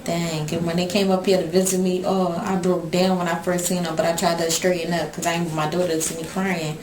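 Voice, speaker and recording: Woman in prison talking about her kids, lower voice, heartfelt and plain, echoey room. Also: level tone, quick pace, a little mellow. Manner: emotional, plainspoken storytelling. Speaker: incarcerated mother, interviewee. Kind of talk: documentary interview, casual talk. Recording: echoey room with crowd behind.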